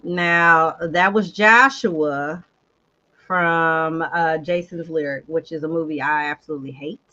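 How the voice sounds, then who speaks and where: A woman's voice: low voice, measured pace. Chatty woman host, slightly dull sound. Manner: animated, chatty, talks straight to viewers. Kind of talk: casual podcast chat.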